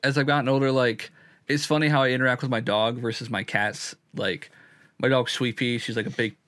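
A man's voice: mid-range voice, little pitch movement, fairly quick, fairly bright tone, dry recording. A young man in his twenties co-hosting a casual comedy podcast, goofy and slangy in his chat. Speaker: podcast co-host.

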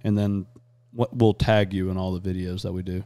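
A man hosting a podcast, chatting casually and crudely, rambling fast between jokes. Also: sits low, flat delivery, mellow, no echo. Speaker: podcast host. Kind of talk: casual chat.

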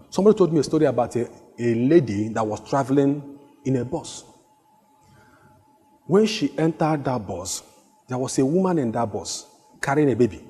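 A male pastor preaching a sermon, asking repeated rhetorical questions and climbing to shouts as he tells a story. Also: medium pitch, slightly rough. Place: church hall. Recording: long hall reverb with faint music.

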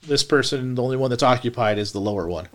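A man's voice: mid-range voice, fast talker, fairly bright tone. A man running a tabletop game as game master, describing the scene with fillers and restarts.

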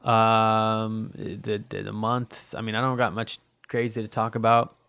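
Low-voiced man rambling, swearing. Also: completely flat delivery, measured pace, fairly bright tone, clean tone, no room sound. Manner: profane, rambling, heavy with fillers. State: dry-mouthed and thirsty. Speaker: podcast host. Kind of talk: casual rambling monologue.

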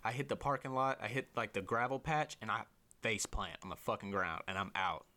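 A young man talks in a slightly low voice, spinning a rambling, profane story for his guest. He jumps into higher voices for the people he quotes and keeps the telling lively and loose. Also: fairly quick. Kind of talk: casual storytelling chat.

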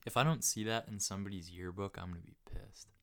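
A man's voice: sits low, fast talker, gravelly. A young man in casual chat, laid-back and self-mocking, swearing freely.

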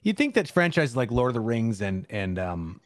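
A man's voice: medium pitch, big pitch swings, normal speed, dry recording. A man co-hosting a casual chat, chatty and agreeable, laughing easily.

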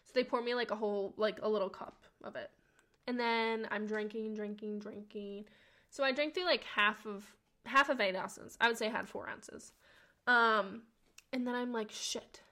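Speaking at a normal speed, a podcast host in her young adult years relays a personal story in a lively monologue. She's slangy and talkative, drops the occasional swear word, and voices quoted lines with dramatic pitch leaps.

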